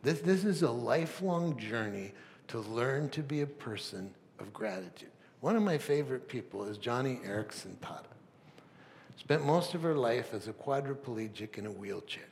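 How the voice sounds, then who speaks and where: A man preaching a sermon as pastor, swinging from loud emphatic peaks to soft near-whispers, with rhetorical questions and stammered restarts. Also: mid-range voice, creaky, slight background noise. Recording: long reverb of a large hall.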